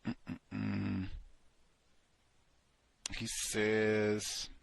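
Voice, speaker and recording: A man hosting a book club discussion, talking in an animated, incredulous way, with sarcastic asides. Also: fairly low pitch, very slow, gravelly, dry recording. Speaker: podcast host.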